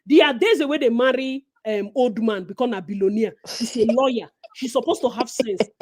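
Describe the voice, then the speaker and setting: A Nigerian woman co-hosting a casual gossip chat, animated and preachy, slipping into Pidgin. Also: a little high, normal speed. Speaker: co-host.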